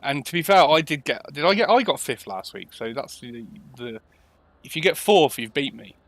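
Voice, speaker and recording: A man casually commentating on a sim race, chatty and quick to laugh at himself. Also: fairly high pitch, animated, no echo. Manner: chatty, laughs often, self-deprecating. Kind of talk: casual live commentary banter.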